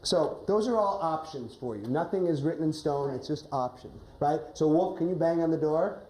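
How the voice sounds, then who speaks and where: A woman's voice: deep voice, normal speed, mellow. A woman drama coach guiding a class through a play rehearsal, giving instructions and often asking "right?". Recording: echoey classroom, faint noise.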